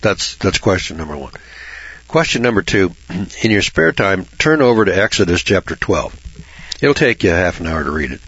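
A man's voice: low-pitched, sing-song, moderate pace, fairly bright tone, husky, no echo. A man giving informal Bible commentary in a blunt, folksy way, swearing freely and mocking churchgoers with sarcastic asides. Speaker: Bible teacher. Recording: dull lo-fi recording.

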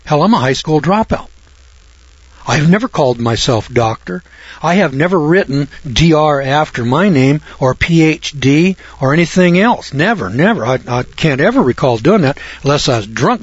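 Husky guy preaching scripture real folksy, rambly, dull lo-fi sound. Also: on the high side, expressive, normal speed, dry recording. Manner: rambling, folksy, chuckling asides, self-deprecating. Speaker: Bible teacher. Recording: dull dry lo-fi recording.

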